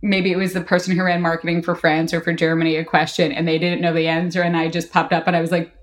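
A middle-aged woman guest on a casual podcast interview, telling lively stories and acting out quotes. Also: on the low side, quick pace. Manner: animated storyteller, laughs often, acts out quotes. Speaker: marketing executive guest.

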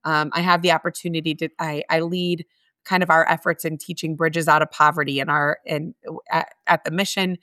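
Middle-aged woman guest, heartfelt and earnest, smooth resonant voice, dry close recording. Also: deep voice, little pitch movement, fairly quick, bright, forceful tone, no room sound. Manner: earnest, heartfelt, with many restarts. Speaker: guest, homeless mission staff. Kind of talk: conversational interview.

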